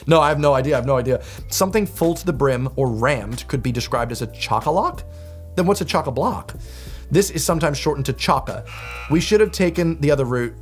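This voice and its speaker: A young male video host with a husky, mid-range voice jokes casually through a quiz, reading definitions aloud in mock outrage. He's playful, with quick laughs throughout.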